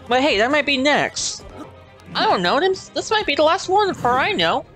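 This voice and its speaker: A man giving casual gameplay commentary in a let's play, animated and playfully complaining. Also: extremely high pitch, moderate pace, faint music behind.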